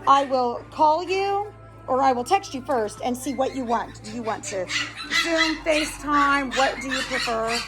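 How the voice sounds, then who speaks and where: A woman's voice: sits high, lively intonation, a little slow, a bit bright, rough recording. A woman dog breeder chatting casually on a vlog, rambling with lots of fillers and cooing at her puppies. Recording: music playing behind. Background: background music, puppies.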